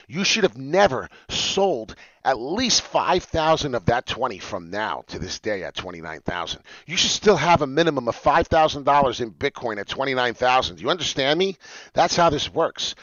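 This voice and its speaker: A man streaming live to his followers, excitedly walking them through crypto price charts in casual talk. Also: fairly high pitch, dry recording. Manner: excitable, talks straight to followers. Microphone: webcam mic, seen on stream. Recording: dull lo-fi dry stream audio.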